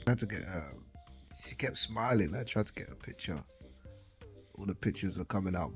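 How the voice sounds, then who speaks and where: A young father chatting playfully to camera at home, with lots of slang, sometimes murmuring softly by a sleeping baby. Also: low voice, lively intonation, normal speed, pauses often, soft background music. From Britain. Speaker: vlog host, father. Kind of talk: casual chat to camera.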